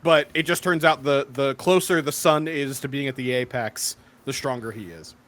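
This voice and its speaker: A man's voice: mid-range voice, moderate pace, a bit bright. A man explaining a game character in casual, chatty talk. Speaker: player.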